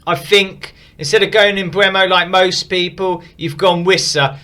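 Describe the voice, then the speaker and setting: High, bright-voiced man reviewing teams. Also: fairly even intonation, measured pace. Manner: frank, opinionated, upbeat. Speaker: fantasy football team reviewer. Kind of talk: casual commentary.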